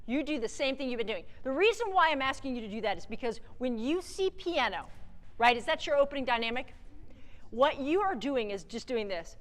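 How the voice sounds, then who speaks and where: A woman conductor coaching a student wind band from the podium, her fairly high voice carrying a long theatre reverb. She is direct and encouraging and sings short phrases to show how the music should go. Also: expressive, brisk. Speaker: guest conductor. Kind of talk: wind band rehearsal clinic. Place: large theatre stage.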